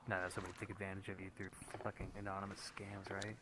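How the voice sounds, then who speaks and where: A man in a laid-back podcast chat who often pauses to search for words. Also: deep voice, monotone, noisy background. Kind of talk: casual chat.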